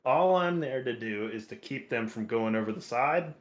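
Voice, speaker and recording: A man co-hosting a podcast, speaking in a measured, thoughtful way with dry humor. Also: medium pitch, expressive, reverberant. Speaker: podcast co-host. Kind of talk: casual chat.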